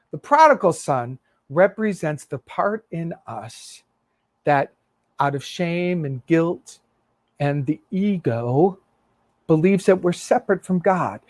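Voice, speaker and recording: A man preaching as a minister, telling a story in an earnest, expressive way. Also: high-pitched, dry recording. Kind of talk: sermon storytelling.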